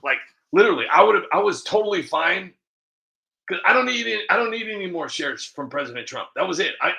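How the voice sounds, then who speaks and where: A man's voice: fairly high pitch, gravelly, sharp tone. A man, a video creator, rambling casually to the camera with many restarts and fillers, often laughing at himself.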